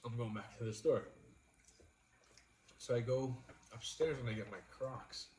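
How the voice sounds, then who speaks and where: A man's voice: mid-range voice, measured pace, darkish tone, a little hiss or hum. A young man chatting casually with viewers on a livestream, blunt and swearing freely as he tells a kitchen story. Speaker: livestream co-host.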